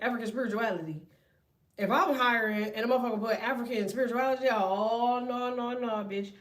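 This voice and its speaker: A woman in her thirties with a high voice rants to her viewers in a loose, profane run of stories and jabs. She talks bluntly, with heavy cursing and a lively, storytelling push. Her voice sits a little back from the microphone. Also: far from the mic. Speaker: tarot reader and vlogger. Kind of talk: profane casual rant to viewers.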